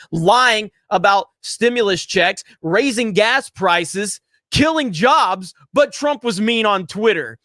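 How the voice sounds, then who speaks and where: A man with a notably high voice rants through a livestream, heated and profane. He hammers his points with repetition and breaks off to read out viewer chats. The sound is dry and close, with no room echo. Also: fairly bright tone. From Florida. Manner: profane, heated and emphatic, repeats himself. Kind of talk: ranting political commentary.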